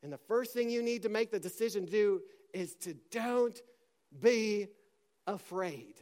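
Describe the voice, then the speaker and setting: A man preaching a sermon with passion, dropping to a hush and then rising to a shout as he acts out scripture scenes. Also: high-pitched, expressive, a little slow. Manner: impassioned, swings from hushed to shouting; acts out scripture dialogue in character.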